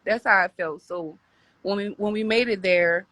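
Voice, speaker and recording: A woman's voice: medium pitch, normal speed, a bit bright, no room sound. A woman telling a personal story as a podcast guest, rambling with many restarts and repeated words.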